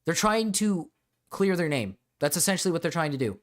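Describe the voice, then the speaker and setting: A man's voice: fairly high pitch, sing-song, a little fast. A man streaming a reaction to a video, ranting in a profane, exasperated way at his chat. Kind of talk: reaction commentary.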